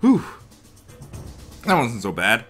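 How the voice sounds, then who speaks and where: A man giving casual commentary while playing a game, talking to himself and to the characters, sometimes slipping into a mock accent or a hushed murmur. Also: medium pitch, huge pitch swings, slow, faint music behind. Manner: talks to himself and the game characters, rambling and reactive; slips into a mock accent, drops to a hushed murmur when sneaking. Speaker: let's play gamer.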